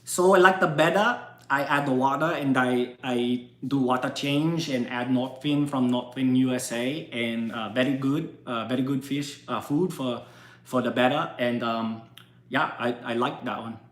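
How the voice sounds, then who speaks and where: A man voicing a halting male fish keeper in a put-on foreign accent, with broken phrasing, in an echoey room. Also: medium pitch, a bit bright, lightly acted. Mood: hesitant.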